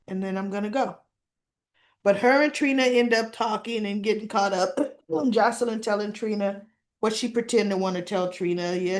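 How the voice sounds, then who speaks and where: A woman hosting a soap opera recap, talking casually and with strong opinions, acting out the characters' lines in quick quotes. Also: medium pitch. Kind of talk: casual chat.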